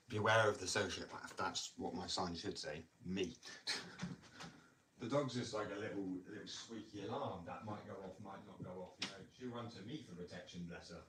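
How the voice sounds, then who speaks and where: A man's voice: low-pitched, fairly quick, a bit bright. A man, a skateboarder, talking in a loose, rambling casual chat full of "like" and "you know", recorded at home. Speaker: skateboarder talking about skating. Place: indoors at home. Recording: distant mic with faint noise.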